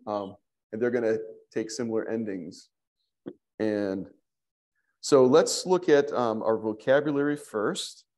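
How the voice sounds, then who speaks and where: A man teaching a Greek language class in a church classroom, slow and patient, thinking aloud with fillers as he explains. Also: fairly low pitch, darkish tone.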